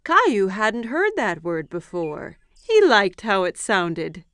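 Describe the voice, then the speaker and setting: A woman narrating a preschool cartoon story in a clear, expressive storytelling manner. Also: medium pitch, slow pace, soft background music.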